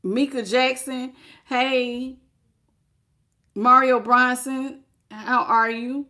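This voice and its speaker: Woman doing a live tarot stream, bit of a high voice, loose animated chatty delivery. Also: very slow. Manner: casual, chatty, animated, often laughing. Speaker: tarot reader.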